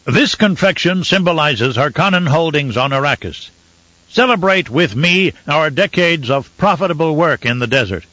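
A man's voice: on the high side, lively intonation, normal speed, pushed and bright, no room sound, voice pushed up. A man voicing a pompous, self-satisfied baron making a proud announcement. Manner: pompous, proclaiming. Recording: slightly muffled dry recording.

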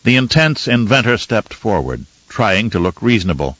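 A man narrating an audiobook in a measured, steady way. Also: fairly low pitch, dry recording, muffled recording. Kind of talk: scripted narration.

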